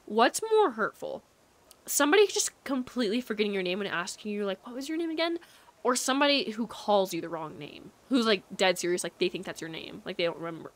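A woman livestreamer chatting casually with her chat while gaming, rambling and filling her talk with likes and ums. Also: mid-range voice.

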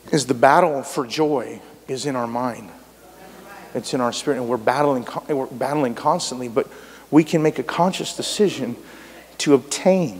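A man preaching a sermon as pastor, animated and conversational, swinging between loud and soft delivery. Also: fairly high pitch. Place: church sanctuary. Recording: reverberant church hall.

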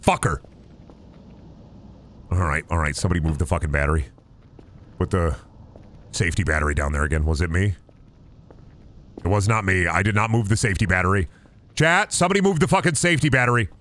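A man with a fairly low voice and a very lively, swinging pitch chats to his live-stream audience while he plays. He swears freely and rambles excitably. Faint background noise sits under the voice. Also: fairly quick, long pauses. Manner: profane, excitable, talks to chat. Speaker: game streamer. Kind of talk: casual live-stream commentary.

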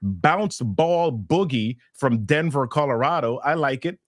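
Man, playful live host, very animated pitch, dry close sound. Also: measured pace, dry recording. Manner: lively, playful, fumbles names. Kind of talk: live show hosting, reading chat.

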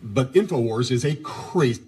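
A man hosting on television, speaking in a measured, explanatory way. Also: medium pitch, expressive, a little mellow, husky. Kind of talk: television commentary.

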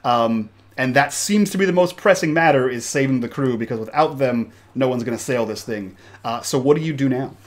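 A man's voice: mid-range voice, fairly quick, hardly any pauses. A man running a tabletop game as game master, narrating a stormy scene in a loose, improvised way.

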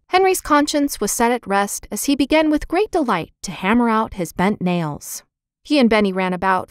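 A woman narrating a children's storybook in a lively, expressive reading, voicing the characters' lines. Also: mid-range voice, no echo, clean studio sound. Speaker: audiobook narrator.

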